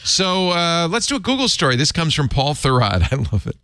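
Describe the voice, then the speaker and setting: A man's voice: a little high, brisk, smooth, no room sound. A man hosting a casual tech news podcast, joking and reading out headlines. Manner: jokey, lively, reads out headlines. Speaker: podcast host.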